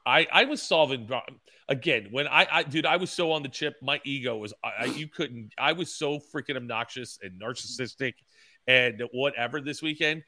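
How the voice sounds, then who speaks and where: A man's voice: medium pitch, normal speed, sharp tone, no room sound. A man co-hosting a casual podcast, telling rambling stories and acting out what people said, with stammers and restarts. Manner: rambling storyteller, acts out quotes with stammers. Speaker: podcast co-host.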